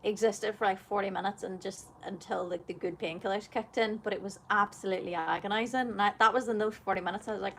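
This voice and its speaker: A woman's voice: medium pitch, expressive, fast talker, a little hiss or hum. A young woman chatting casually on a livestream, telling stories in a chatty, giggly way. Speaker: singer and livestream host.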